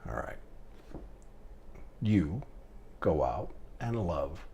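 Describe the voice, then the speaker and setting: A man's voice: low voice, very animated, extremely slow, warm tone, a little hiss or hum. A middle-aged man giving rambling, emotional fatherly advice to his daughters in a heartfelt vlog monologue.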